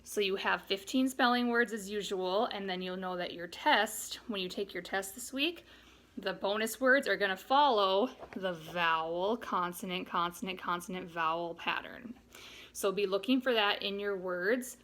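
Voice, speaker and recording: A young adult woman teaching third grade remotely explains vocabulary and spelling to her young students, going slowly and using examples with great patience. Her voice is mid-range and a bit bright.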